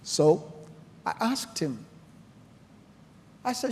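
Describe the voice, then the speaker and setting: A man's voice: a little high, sing-song, takes it slowly, gravelly, pauses often, a little mellow. A man giving an earnest conference talk, telling stories and building to emotional points. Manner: earnest, storytelling, emotional emphasis. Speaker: conference speaker. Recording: long hall reverb.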